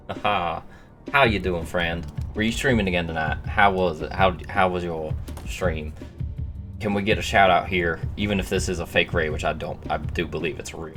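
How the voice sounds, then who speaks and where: A male streamer chatting casually with viewers in a put-on silly accent, reading chat messages aloud and rambling between them. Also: deep voice.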